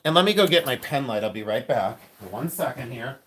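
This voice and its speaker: A talkative man hosting a live stream, excitable and loose, restarting sentences as he thinks aloud. His pitch sits right in the ordinary middle for a man. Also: fairly quick, hardly any pauses. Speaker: livestream host and reseller. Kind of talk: casual live-stream chat reading viewer comments.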